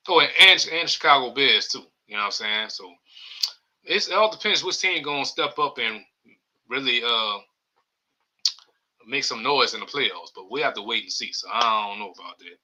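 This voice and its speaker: New man, podcast host, loose rambling chat, very bright tone. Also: medium pitch, poor audio. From New Orleans area. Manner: loose, rambling, reads chat comments aloud. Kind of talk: casual live-stream sports chat.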